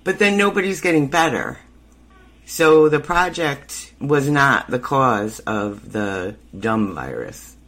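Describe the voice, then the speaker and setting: A man's voice: medium pitch, lively intonation, slow, a bit bright. Chatty man recapping a TV episode. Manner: chatty, laughs easily, acts out scenes. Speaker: podcast host.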